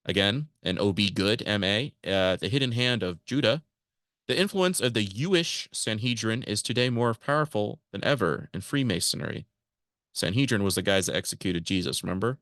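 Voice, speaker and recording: A man with a fairly low voice reads a prepared podcast monologue, then drops into offhand asides to his audience. The sound is close and dry, with no room around it. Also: lively intonation, normal speed, a bit bright, no room sound. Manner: reads prepared text, breaks into casual asides to listeners. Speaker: podcast host. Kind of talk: podcast monologue read from notes.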